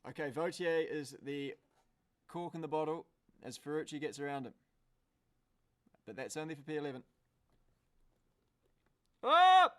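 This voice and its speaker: A man commentating a car race live on a stream. He is excitable and swears, breaking into shouts at the screen. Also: a little high, normal speed, long pauses.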